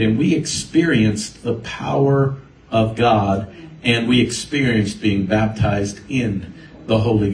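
A man's voice: medium pitch, distant mic, a little hiss or hum. A man preaching a sermon, telling his own story and quoting the people in it. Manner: storytelling, animated quoting of others. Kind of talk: sermon with personal testimony. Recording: roomy echo, voice from afar.

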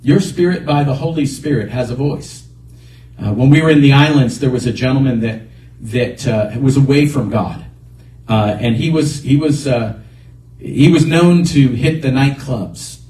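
A man pastor preaching a sermon in a church, animated, often calling out praise. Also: mid-range voice, moderate pace, reverberant, recorded from a distance, rough recording. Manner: animated, repeats exhortations.

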